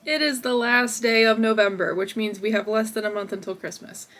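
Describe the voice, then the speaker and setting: A woman's voice: a little high, fairly even intonation, a little fast, a bit bright, faint music behind. A young woman hosting a crochet video, chatting casually and upbeat from her home office with lots of fillers. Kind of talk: casual vlog chat.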